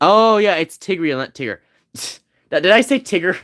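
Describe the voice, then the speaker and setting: A man's voice: sits high, lively intonation, moderate pace, fairly bright tone. Rambling joking man streaming a game. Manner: rambling, joking, talks to chat. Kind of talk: casual gameplay chat.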